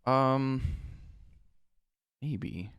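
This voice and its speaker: A man's voice: mid-range voice, drawn-out words, fairly bright tone, clean tone, dry recording. A man co-hosting a podcast in casual chat, explaining things loosely with lots of "like" and making dry jokes. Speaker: podcast co-host.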